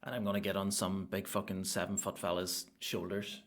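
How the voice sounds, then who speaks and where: A young adult man with a Northern Irish accent hosting a solo comedy podcast, rambling and animated, swearing freely. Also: low voice, brisk. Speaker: podcast host.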